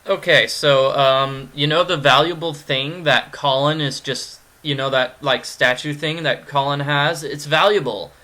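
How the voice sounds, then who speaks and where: A man's voice: on the high side, steady tone, unhurried, hardly any pauses, pushed and bright. A man giving gameplay commentary, rambling and cracking goofy jokes. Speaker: let's player.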